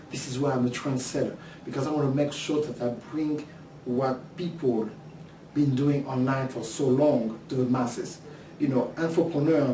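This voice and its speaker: French-accented man pitching an online course. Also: reverberant, far from the mic, slight background noise, rough recording. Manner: animated, acts out imagined questions from students. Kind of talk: course preview talk to camera.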